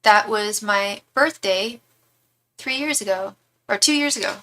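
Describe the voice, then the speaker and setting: Young woman, tarot reader, rambling chatty storyteller, bright forceful voice, mid pitch. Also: unhurried, a little hiss or hum. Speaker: tarot reader and psychic medium. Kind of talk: casual live-stream chat.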